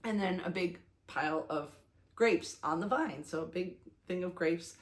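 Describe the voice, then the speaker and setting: A young woman vlogger in a casual talking-head video, talking excitedly and chattily with lots of fillers and restarts. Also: fairly low pitch, measured pace.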